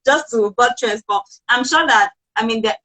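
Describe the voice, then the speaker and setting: Host: woman, fairly high voice, long rambling questions, lots of fillers. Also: normal speed, sharp tone, low-quality recording. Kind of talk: interview questions.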